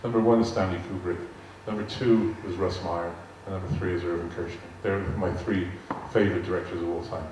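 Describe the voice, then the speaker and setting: In a large arts hall, a man in his later years entertains a live audience as a guest speaker, chatting through amused anecdotes in a West Country English accent. His low, a little mellow voice holds fairly even intonation, moving a little fast with hardly any pauses. A distant mic picks him up in an echoey space with faint hiss.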